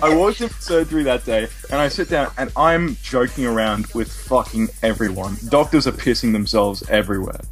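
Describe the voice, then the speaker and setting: A man's voice: medium pitch, brisk, few pauses, faint music behind. A young Australian man co-hosting a podcast, telling a story in a sweary, laughing way. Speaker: podcast co-host. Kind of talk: casual storytelling chat.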